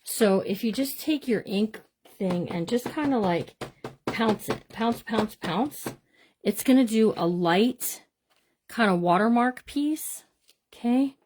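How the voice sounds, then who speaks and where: A woman's voice: on the high side, expressive, measured pace, noisy background. A middle-aged woman hosting a live crafting demonstration from her home craft room, chatting with viewers as she works. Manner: chatty, talks to viewers as "you guys"; bubbly, playful made-up words. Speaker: craft livestream host.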